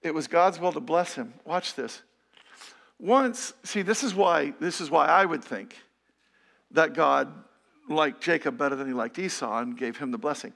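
High gravelly middle-aged male preacher. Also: moderate pace, a bit bright. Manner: conversational and emphatic, with rhetorical questions. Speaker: pastor. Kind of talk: sermon.

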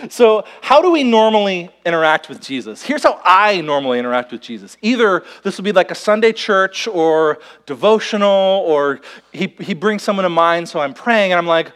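A young man preaching with a high, bright voice that swoops up and down as he tells stories. He acts out little conversations, quoting himself and others in a playful, animated way. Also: brisk. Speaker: pastor. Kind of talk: sermon with acted-out illustration.

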